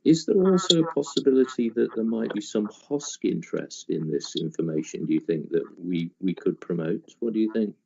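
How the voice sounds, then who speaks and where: A man with a very low voice chairs a committee meeting, thanking contributors and checking for agreement in a measured, inclusive way. The audio is dull and muffled, with a faint hiss underneath. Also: expressive, gravelly, dark tone.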